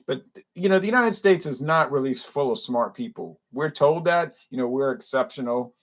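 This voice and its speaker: A man's voice: mid-range voice, animated, normal speed. A man with a Louisiana accent reviewing beer in a casual, rambling, opinionated way that wanders off topic. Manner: opinionated, blunt, digressive.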